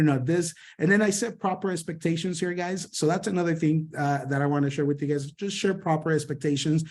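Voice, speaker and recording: Upbeat male sales trainer, slightly high voice, rapid-fire coaching on a video call. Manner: energetic, repeats "right?" and "boom", rapid delivery.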